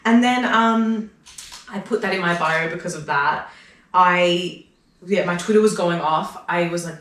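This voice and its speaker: A woman's voice: on the low side, recorded from a distance. An Australian woman chats casually and animatedly, jumping into little acted-out quotes as she tells her stories. She sits well back from the mic in an echoey room. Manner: animated storyteller who acts out her own quoted lines. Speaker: comedian guest. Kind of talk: casual podcast chat.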